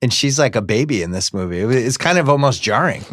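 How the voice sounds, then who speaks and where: A man's voice: medium pitch, expressive, quick pace, a bit bright, no echo, studio quality. A middle-aged man hosting a casual movie podcast, leading the segments with enthusiasm. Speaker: podcast host.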